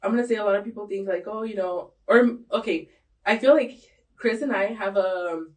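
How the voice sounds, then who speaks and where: A woman's voice: medium pitch, moderate pace, a little mellow. Rambling, giggly woman co-host, off-mic. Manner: laughs often, rambling with many fillers. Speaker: podcast co-host. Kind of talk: casual chat. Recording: voices heard from a distance.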